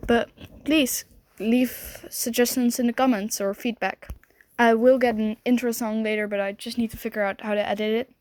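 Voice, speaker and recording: A woman's voice: fairly high pitch, steady tone, moderate pace, darkish tone, dry recording. A woman reading her first fan audiobook, casual and a little nervous, with some stumbles. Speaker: podfic reader. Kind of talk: amateur fanfiction audiobook.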